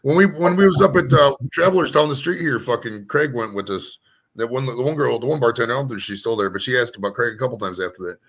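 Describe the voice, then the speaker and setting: Speaking at a quick pace with a fairly bright, medium-pitched voice, the American host of a painting stream chats loosely. He tells rambling stories full of profanity, delivered with emphasis.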